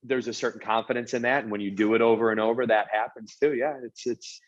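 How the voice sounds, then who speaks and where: A man speaking at an ordinary pitch for a man, as a guest on a podcast. He talks earnestly in a casual chat and keeps stumbling over the first words of his sentences. The audio sounds a little dull and lo-fi. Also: fairly even intonation, fast. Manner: earnest, repeats words when starting sentences. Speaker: podcast guest, real estate executive.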